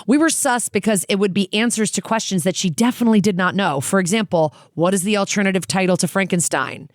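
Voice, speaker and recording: A woman's voice: mid-range voice, quick pace, dry recording, studio quality. A woman in her thirties co-hosting a podcast, chatting bluntly with plenty of swearing and reading out listener emails. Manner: blunt and profane, laughs often. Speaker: podcast co-host.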